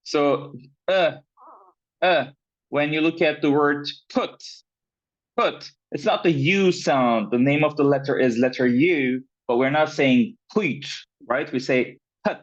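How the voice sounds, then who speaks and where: A man teaching pronunciation in an online class, speaking at an unhurried, deliberate pace. He fills gaps with "um" and "uh", repeats words and checks in with "right?". His voice comes through a dull, lo-fi line. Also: a little high. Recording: dull, lo-fi sound.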